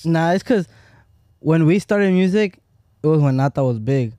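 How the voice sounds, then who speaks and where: A man with a mellow, dark voice rambles through a casual chat, stacking fillers as he goes. The room sounds dry and close. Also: fairly high pitch, animated, normal speed, no echo.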